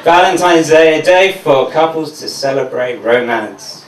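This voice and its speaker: A comedian from Mauritius works through a sardonic, swearing routine. His voice sits fairly high and reaches the mic from a distance, with a roomy echo and a little background noise. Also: expressive, unhurried. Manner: sardonic, profane. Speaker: stand-up comedian. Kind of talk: stand-up routine. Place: comedy venue. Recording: echoey room from a distance.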